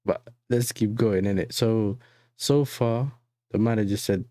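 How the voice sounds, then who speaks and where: A young man talks loosely and casually to his stream chat, his voice sitting a little low. He is heavily slangy and keeps checking in with his viewers. The sound is close and dry, with no room around it. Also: a little slow, warm tone, dry recording. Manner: chatty and slangy, keeps saying "you know what I'm saying". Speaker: football fan channel host. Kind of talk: casual livestream reaction chat.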